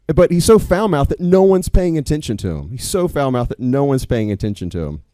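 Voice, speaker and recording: Male storyteller, warm low timbre, dry close mic, animated then earnest. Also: fairly quick, few pauses, no room sound. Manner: animated, swears when quoting students, earnest at close. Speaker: storyteller, teacher and coach. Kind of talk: personal story told live on stage. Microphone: stage microphone.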